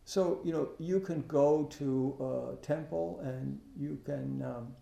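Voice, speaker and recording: Slow gravelly man giving a dharma talk. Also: a little high, mellow. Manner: halting, many restarts, asks rhetorical questions. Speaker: Buddhist teacher. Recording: echoey room.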